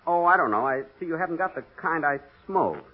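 A man with a fairly high, husky voice speaks fairly quickly and animatedly as the comedy star of a 1940s radio show. He sounds exasperated, bickering and arguing with himself, on a lo-fi old radio broadcast.

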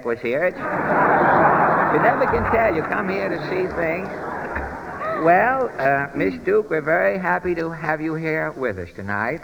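A man's voice: a little high, expressive, unhurried, creaky, heavy background noise. A man hosting a 1930s radio amateur contest, bantering and teasing the contestants in a large theater hall. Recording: old radio broadcast in a reverberant hall.

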